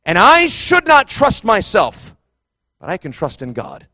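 A man preaching a fervent sermon, emphatic and impassioned, repeating phrases and surging to near-shouts. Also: high-pitched, wildly swooping pitch, a little slow, dry recording, clean studio sound.

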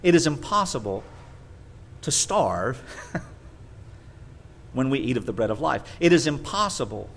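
A man delivers a sermon in a mid-range voice, working through verses one by one. He hammers key words again and again for emphasis, swinging from loud declarations down to near-murmurs. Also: mid-range voice, sing-song, a little slow, pauses often, slight background noise. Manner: emphatic, repeats words for stress, wide swings in loudness. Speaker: preacher. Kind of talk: sermon teaching from scripture.

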